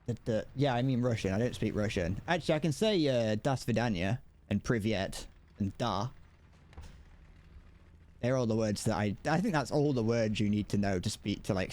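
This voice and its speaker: A man's voice: lowish voice, normal speed, darkish tone. A British man streaming a video game, chatting casually and rambling with jokes. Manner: joking and rambling. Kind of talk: casual live-stream chat.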